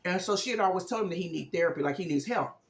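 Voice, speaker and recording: A man's voice: high voice, racing, roomy sound. A man vlogging a casual, rambling retelling of a movie plot, chatting like a storyteller.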